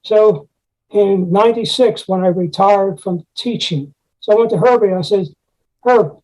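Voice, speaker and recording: Older man with a husky, mellow voice. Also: sits high, a little slow, low-quality recording. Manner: rambling anecdotes with frequent "you know" and scat-sung articulations. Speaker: retired music teacher. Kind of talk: conversational storytelling interview.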